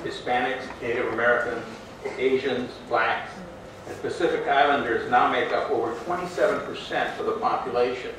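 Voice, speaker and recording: A male professor on a debate panel reads a question plainly and carefully, at a middle pitch. The sound is distant and very echoey, with faint hiss, in a large hall. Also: normal speed.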